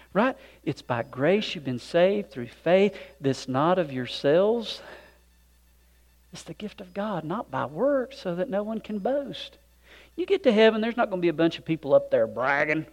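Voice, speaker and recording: A man preaching a sermon with folksy conversational asides, swinging from loud emphatic points to hushed, near-whispered moments. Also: high voice, big pitch swings, a little slow. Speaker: pastor.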